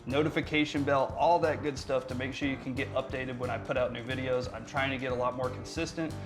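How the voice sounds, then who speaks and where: A man's voice: mid-range voice, brisk, music in the background. A man hosting a casual how-to tutorial on a lav mic, talking with energy and plenty of inflection. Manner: energetic, talks with his hands, lively inflection. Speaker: marketing tutorial host. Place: room with hard surfaces.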